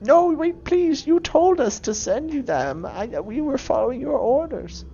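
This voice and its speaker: A woman's voice: sits high, sing-song, a little slow, gravelly, highs cut off, crowd noise, pitched above the performer's own voice, full character voice. A woman voicing a timid male creature who begs and apologizes to a being he takes for his god. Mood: pleading. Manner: groveling, pleading, apologetic.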